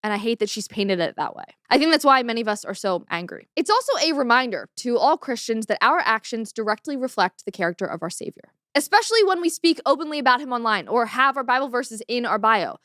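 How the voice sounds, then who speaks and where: A woman's voice: on the high side, very animated, fast, few pauses, fairly bright tone, no echo, clean studio sound. A woman hosting a commentary show, speaking in an earnest, opinionated way about faith. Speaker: host.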